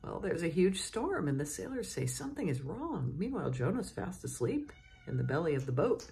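A middle-aged woman with a low voice gives a morning devotion as a cathedral dean. She tells the story in a relaxed, chatty way and often chuckles along the way. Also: fairly quick, a little hiss or hum. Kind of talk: devotional sermon with a closing prayer.

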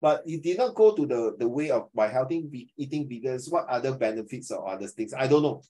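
A middle-aged male teacher talks to his class over a video call. He is animated and chatty, and his everyday voice sits in a middle pitch. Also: a little fast, rough recording. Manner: animated, mixes Mandarin phrases, chatty. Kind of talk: online class discussion.

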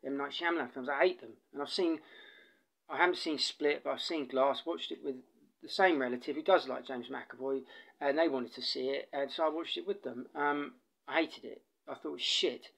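A man's voice: mid-range voice, normal speed, gravelly, a bit bright. An Englishman with an English accent giving a casual spoken film review, rambling and digressive, with many fillers and restarts. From England.

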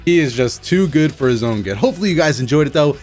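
A man with a slightly raised voice talks through his own fighting-game matches, groaning at his mistakes and cheering his comebacks. Loud game music plays behind him the whole time. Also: fairly high pitch, fast talker. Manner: excitable, groaning and self-mocking as he plays. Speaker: gaming channel host. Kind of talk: live gameplay commentary. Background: game music and sound effects.

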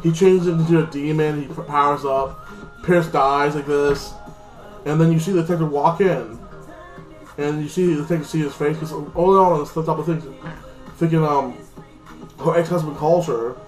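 A man's voice: fairly high pitch, fairly even intonation, moderate pace, reverberant, soft background music, low-quality recording. A man giving a casual, rambling episode recap, swearing often and leaning on fillers. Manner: rambling, profane, lots of fillers. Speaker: TV show reviewer.

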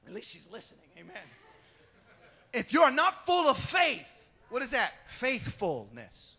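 A pastor preaches a sermon in a high, bright voice that swings widely in pitch, with a breathy edge and an unhurried pace. Animated, he acts out Bible scenes and jokes with his congregation.

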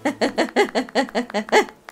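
A woman streaming a video game, chatting casually, giggly and excitable, squealing when something delights her. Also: a little high, extremely slow, husky. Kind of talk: casual gameplay commentary.

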